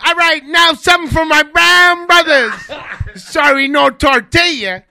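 A cocky, foul-mouthed convict homeboy swaggers through crude tough talk, as a man puts him on. The voice is pushed very high and gravelly, drawn out slowly with a sharp, bright edge. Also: exaggerated voice. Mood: swaggering.

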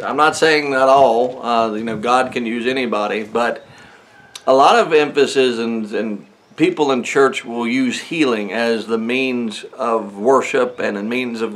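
This is a laid-back sermon in a church sanctuary: a man reads scripture aloud and talks through it conversationally, chuckling often and stumbling over fillers and restarts. He has a medium-pitched, fairly bright voice.

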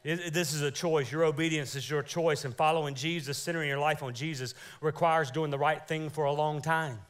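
A man preaching a lively, joking sermon in church as pastor, calling out for amens. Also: fairly high pitch, fairly quick. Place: church sanctuary.

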